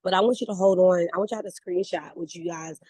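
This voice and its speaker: A woman leading a motivational network marketing call, talking in a lively, conversational way, repeating words and laughing as she goes. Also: lowish voice, quick pace, husky, no room sound, low-quality recording. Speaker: network marketing team leader. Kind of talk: motivational talk on a video call.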